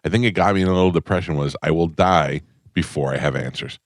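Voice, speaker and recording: Brief: low-voiced male radio host, rambling storyteller, dry studio sound. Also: fast talker, no room sound. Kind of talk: casual morning radio chat. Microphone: studio microphone.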